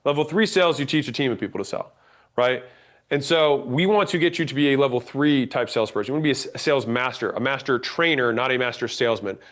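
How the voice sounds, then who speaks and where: A man teaching a workshop on sales call scripts, lively and direct, acting out sample calls and checking in with "right?". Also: mid-range voice, fast. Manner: energetic, acts out sample calls, frequent "right?" check-ins. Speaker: sales trainer.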